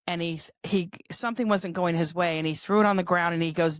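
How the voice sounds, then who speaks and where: A woman's voice: lowish voice, fairly even intonation, moderate pace, few pauses, clean tone, no echo. A woman in her fifties from California tells stories in a loose, chatty way. She laughs often and slips into other people's voices as she goes. The sound is dry and close. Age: 50s. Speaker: guest author. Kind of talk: casual interview storytelling.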